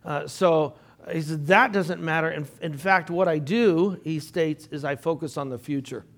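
An older man leads a Bible study in a relaxed, conversational way. His voice sits a bit high for a man, and he often clears his throat and adds asides to the class. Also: normal speed. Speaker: Bible teacher.

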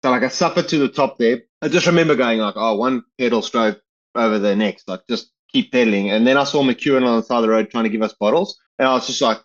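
Fast casual man from south africa, rambly, lots of likes and restarts. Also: mid-range voice, lo-fi sound. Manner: rambling, many fillers and restarts. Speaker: guest, retiring pro cyclist. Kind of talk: casual storytelling interview.

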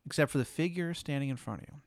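Smooth-voiced man narrating a game. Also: on the high side, rapid-fire, no echo. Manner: rambling, full of fillers. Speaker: game master. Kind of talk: narrating an improvised role-play game.

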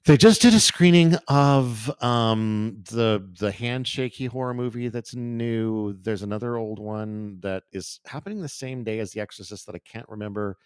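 A man's voice: fairly low pitch, normal speed, hardly any pauses, smooth, no room sound, studio quality. A man co-hosting a podcast in casual, joking chat. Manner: joking, loose, swears casually. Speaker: podcast co-host.

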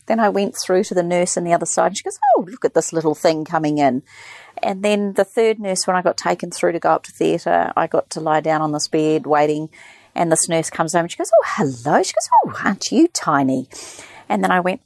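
Middle-aged woman, animated anecdote teller with a gravelly low voice. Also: a little fast, dry recording. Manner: animated storyteller, quotes others in lively voices. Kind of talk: casual chat.

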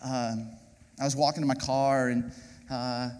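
A man, a pastor, gently interviewing guests on stage during a sermon, halting with many fillers. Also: mid-range voice, level tone, smooth. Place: large church auditorium with congregation. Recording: reverberant church hall with audience.

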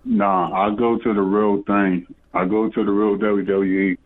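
Halting man on a tinny phone line. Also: on the low side, little pitch movement. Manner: hesitant, halting, many fillers. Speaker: caller. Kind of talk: rambling phone chat.

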